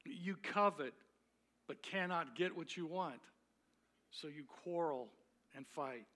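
A man's voice: on the high side, takes it slowly, fairly bright tone. A man preaching a sermon as a pastor, earnest, with frequent repeated words and restarts.

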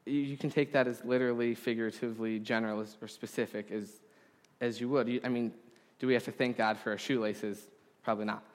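A man preaching a sermon to a congregation, earnest and deliberate, with emphatic pauses. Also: medium pitch, steady tone. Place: congregation hall. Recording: long hall reverb.

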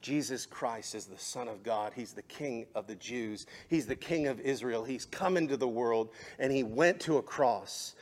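A male pastor with a mid-range voice preaches a sermon, shifting between quiet, measured passages and rising, impassioned climaxes.

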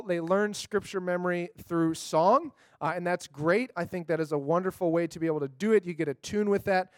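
A man's voice: high voice, no echo. A man giving a casual, upbeat talk on memorizing scripture, chatty, with many fillers and tag questions.

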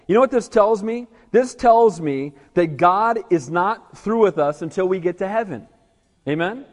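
Man, pastor, high voice, emphatic preaching, asks for amens, long church reverb. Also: lively intonation, normal speed. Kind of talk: evening sermon. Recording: echoey hall reverb.

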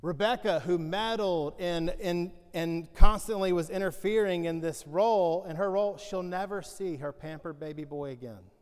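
A male pastor preaching in a loose, joking, conversational way, with animated storytelling and a fairly high voice. His sermon rings out with a long reverb from the church hall. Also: moderate pace, few pauses, smooth.

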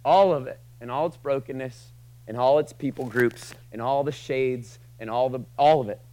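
A man preaching a sermon to a room, casual and joking, swinging from loud passionate lines to quiet asides. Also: mid-range voice, moderate pace, slight background noise, low-quality recording. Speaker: pastor.

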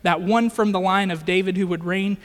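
A man's voice: high voice, steady tone, a little fast, long reverb tail. A man preaching a sermon in an earnest, conversational way, often checking in with his listeners. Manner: earnest, conversational with rhetorical "right?".

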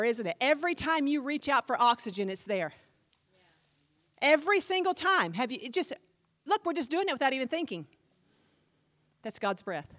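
A woman pastor preaching a sermon in an animated, emphatic way, speaking directly to her congregation. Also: sits high.

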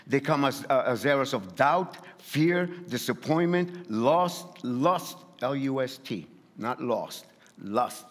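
Male pastor with a light accent, mid-pitched, preaching emphatically in a reverberant hall, plenty of repeats and restarts. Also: expressive, slow pace, hardly any pauses. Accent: non-native English. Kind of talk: sermon.

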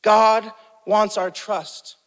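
A man's voice: high voice, little pitch movement, extremely slow, a bit bright. A man preaching a sermon as pastor, emphatic, repeating key phrases and calling on the congregation to respond. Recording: long hall reverb.

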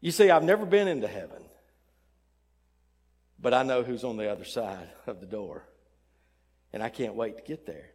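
An older man preaching a sermon, emphatic and swinging between loud fervor and soft tenderness, in a church. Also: mid-range voice, lively intonation, moderate pace, pauses often, breathy edge. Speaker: pastor. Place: church sanctuary. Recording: long church reverb.

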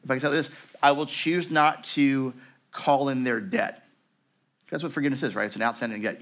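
Guy preaching, chatty and animated, goes quiet and low telling a story. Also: fairly quick. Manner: animated, conversational preaching with fillers and rising emphasis; drops to a hushed, low voice when reading the story. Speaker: pastor. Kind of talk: sermon with read-aloud story.

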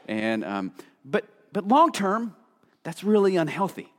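Chatty preacher man, high-ish voice. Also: sing-song, normal speed. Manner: casual, filler-heavy, acts out quoted voices. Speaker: pastor. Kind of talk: conversational sermon. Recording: long hall reverb.

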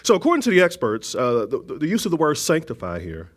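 A man preaching a conversational sermon, with frequent restarts, asides and gentle jokes to the congregation. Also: a little high, huge pitch swings, quick pace.

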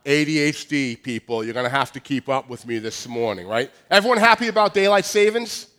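This pastor, a nasal man in his forties from Long Island, New York, speaks with a Long Island accent in a medium-pitched, animated voice that runs a little fast, pushed and bright. His sermon is joking and self-deprecating, full of restarts.

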